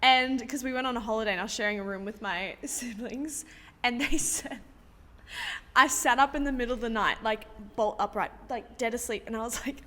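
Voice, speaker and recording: Playful young woman co-host, high voice, long room reverb. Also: brisk. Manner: giggly, animated, playful. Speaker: podcast co-host, fitness studio. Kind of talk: casual chat.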